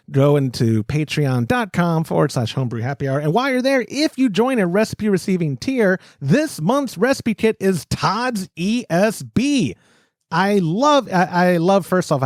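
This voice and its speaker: A male podcast host talks in a casual, rambling way between sponsor plugs and often breaks into laughter. His voice sits a bit high and swings widely in pitch. The sound is close and dry. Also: dry recording. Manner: animated, laughs often, rambling self-corrections.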